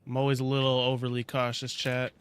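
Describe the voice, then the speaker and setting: A man's voice: mid-range voice, completely flat delivery, fast talker, clear, resonant tone. A man streaming a game who chats casually with his viewers. He swears and laughs often, and his talk is full of filler words. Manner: laid-back, profane, laughs often, filler-heavy. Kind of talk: casual live-stream chat. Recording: noisy game audio underneath.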